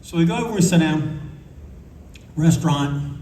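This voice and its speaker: On a convention panel, an older man spins casual, profane stories and performs the voices of those he quotes. His voice is a little high and mellow, at a moderate pace. Recorded from far off by an audience member in an echoey room, it has faint ambience and slight background noise.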